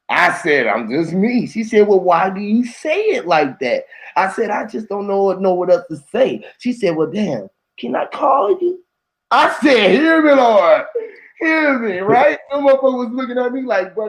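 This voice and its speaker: A man telling stories in casual chat, animated and slangy, acting out the voices in his stories. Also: high voice, low-quality recording.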